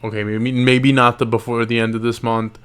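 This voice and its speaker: A man's voice: medium pitch, little pitch movement, brisk, a bit bright, smooth. A tired man recapping MMA fights late at night in loose, slangy casual talk, yawning and restarting his sentences. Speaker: MMA YouTuber.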